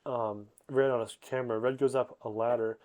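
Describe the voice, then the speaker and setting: A man's voice: medium pitch, steady tone, normal speed, darkish tone. A young man giving a rambling, sleep-aid summary full of fillers and self-corrections. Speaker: host.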